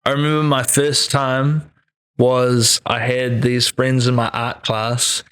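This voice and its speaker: A young man, a podcast guest telling relaxed stories with easy laughter. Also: mid-range voice, slow pace, clear, resonant tone. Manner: relaxed, laughing, easygoing storyteller. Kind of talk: casual chat.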